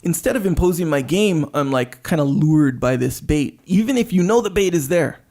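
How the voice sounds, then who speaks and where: A man's voice: fairly high pitch, lively intonation, normal speed, a little mellow. A man co-hosting a podcast, talking casually and hesitantly, thinking aloud with many fillers. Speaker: podcast co-host. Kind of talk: casual conversation.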